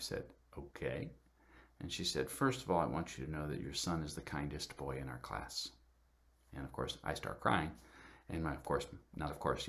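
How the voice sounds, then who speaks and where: A middle-aged man speaks to a church congregation in an extremely low, rumbling voice. He tells a family story in a halting way, full of fillers and restarts. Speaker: guest speaker at church service. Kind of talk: personal storytelling talk.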